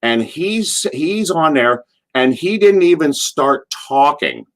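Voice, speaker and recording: A middle-aged man, a former wrestler, telling stories in an interview, rambling through asides and acting out what people shouted. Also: a little high. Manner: animated, acts out quotes in a loud, drawn-out voice. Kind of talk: casual anecdotal storytelling.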